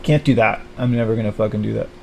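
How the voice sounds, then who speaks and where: A man in a rambling livestream monologue, bitter and halting, stumbling through fillers and restarts. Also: vocal fry, slight background noise. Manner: mocks others in high put-on voices.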